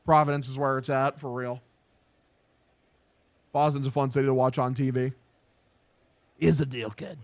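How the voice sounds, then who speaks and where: A young man with a steady, mid-range voice streams casual play-by-play of a baseball game at normal speed, pausing often, with no room sound. Casual and profane, he chats and reads viewer comments aloud.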